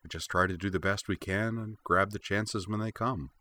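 A man's voice: low-pitched, fairly even intonation, moderate pace, bright, forceful tone. A man voicing a wry young woman warrior. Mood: gentle.

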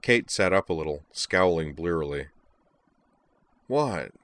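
Deep-voiced man narrating a story. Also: normal speed, dry recording. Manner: steady, even read-aloud narration. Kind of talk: storybook narration reading aloud.

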